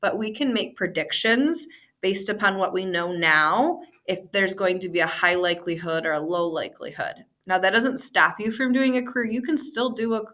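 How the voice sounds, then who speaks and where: A woman's voice: mid-range voice, fairly bright tone. A woman teacher giving a conversational lesson on future careers, encouraging and informal. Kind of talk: classroom lesson.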